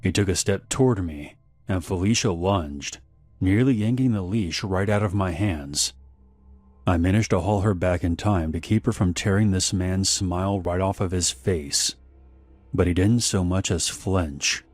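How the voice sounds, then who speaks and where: Deep-voiced man narrating a horror story. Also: unhurried, darkish tone, dry recording, soft background music.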